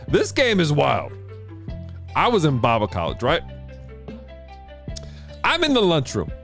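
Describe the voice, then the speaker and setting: Animated male game streamer. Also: on the high side, takes it slowly, creaky, faint music behind. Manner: animated, laughs often, reads viewer comments aloud. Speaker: game streamer and show host. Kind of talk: casual livestream chat.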